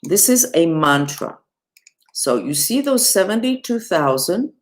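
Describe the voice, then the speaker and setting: A woman who is a spiritual teacher, explaining mantras and mudras in a casual, chatty online lesson, with self-deprecating asides and wide swoops in pitch. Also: big pitch swings, measured pace.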